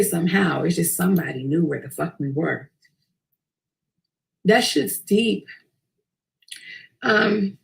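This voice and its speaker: A woman, telling a personal story in a profane, intense and animated way. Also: fairly low pitch, vocal fry. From Queens, New York. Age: early 20s.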